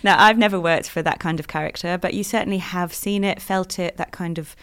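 A middle-aged British woman speaking as an interview guest. Her voice sits low with a gravelly edge, and she talks with articulate emphasis. The sound is close and dry. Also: fairly even intonation, fairly quick, fairly bright tone, dry recording. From Britain. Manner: articulate, emphatic, laughs easily. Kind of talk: conversational interview.

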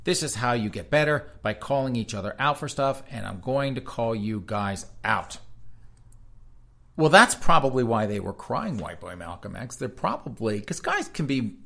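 A man's voice: mid-range voice, normal speed, creaky. A man hosting a talk show, reading news articles aloud and breaking off into sarcastic, mocking asides. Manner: sarcastic, mocking asides between read-outs; reads articles aloud in a flat news cadence. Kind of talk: casual commentary reading headlines aloud.

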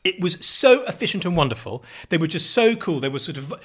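A middle-aged British man chatting casually as a podcast co-host, animated and jokey, swearing freely. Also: fairly high pitch, fairly quick, breathy edge. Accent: British English. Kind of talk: casual chat.

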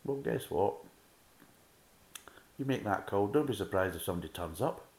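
Sweary Scottish man with a deep voice. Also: expressive, normal speed, a little mellow, echoey room. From Scotland. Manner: blunt, sweary, sarcastic. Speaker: beer reviewer. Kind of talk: casual ranting review.

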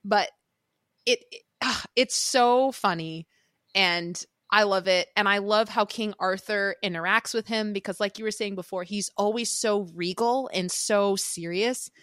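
A woman's voice: medium pitch, measured pace, a bit bright, no room sound, studio quality. A woman co-hosting a podcast, chatting casually about a film and acting out its lines in playful voices. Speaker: podcast co-host.

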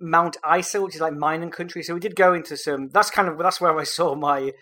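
A man's voice: fairly high pitch, steady tone, fairly quick, pushed and bright. Dry-joking Englishman on a podcast. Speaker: podcast host. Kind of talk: casual comedic chat.

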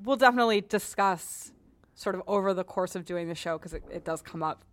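A woman's voice: medium pitch, brisk. A woman hosting a podcast in a frank, joking, chatty way, often restarting her sentences. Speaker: podcast host, cleaning advice columnist. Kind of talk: casual podcast chat.

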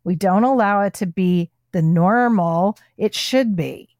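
Slow, soothing woman. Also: medium pitch, darkish tone, dry recording, clean studio sound. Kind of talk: casual heartfelt conversation.

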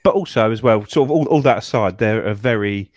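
A man's voice: on the low side, brisk, darkish tone, no room sound. A man on a football podcast, joking and often asking the others to agree. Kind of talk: casual football podcast chat.

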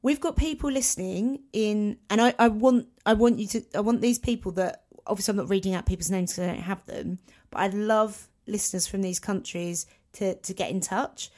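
A woman's voice: mid-range voice, fairly quick, hardly any pauses, a little mellow. Rambling, chatty woman podcaster. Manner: chatty, rambling, self-mocking. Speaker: podcast co-host. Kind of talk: casual podcast chat.

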